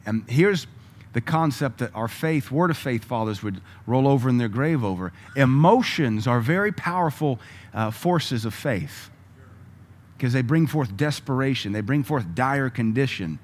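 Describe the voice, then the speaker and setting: A man preaching a sermon, moving between loud emphatic lines and quiet asides and chuckling with the congregation. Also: medium pitch, lively intonation, a little slow. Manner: laughs often, conversational asides to the congregation.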